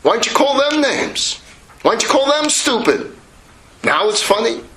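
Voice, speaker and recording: A naive young son, earnest and pleading, eager to please his father, as a storyteller voices him. The voice sounds bright and ringing. It echoes in a roomy hall over faint noise. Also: high-pitched, lively intonation, normal speed. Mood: indignant.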